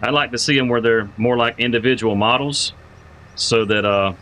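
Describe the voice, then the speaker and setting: A man hosts a live game stream, rambling casually and greeting viewers by name. His voice is bright and forward. Faint game noise sits quietly behind him. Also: on the low side, steady tone, fairly quick, low-quality recording. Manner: rambling, repeats words while thinking aloud. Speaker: livestreamer playing a farming game.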